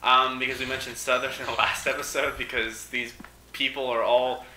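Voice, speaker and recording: A man's voice: mid-range voice, level tone, normal speed, bright, forceful tone. A young man casually commenting on a video game, rambling and joking between digressions. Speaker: let's play co-host. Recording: roomy with faint noise.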